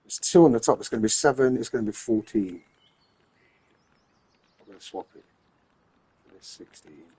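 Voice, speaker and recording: A man's voice: mid-range voice, lively intonation, moderate pace, pauses often, warm tone, slightly rough, rough recording. A man giving rambling, casual commentary as he plays a game late at night, tired and repeating himself while handing out tips. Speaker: gamer streaming his play.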